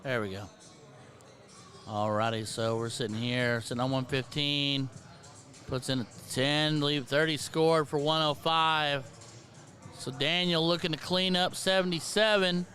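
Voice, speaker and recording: A man's voice: a little high, steady tone, measured pace, bright, forceful tone. A man with an American accent calling a darts match live, chatty and out of breath, talking to his stream viewers. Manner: chatty, self-deprecating, talks to chat viewers. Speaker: darts commentator and stream host. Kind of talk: live play-by-play commentary.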